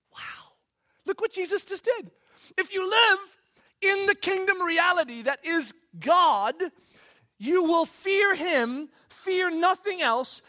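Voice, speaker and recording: Animated high-voiced male preacher. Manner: animated, swings from loud bursts to quiet asides, acts out quotes. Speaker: pastor. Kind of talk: sermon.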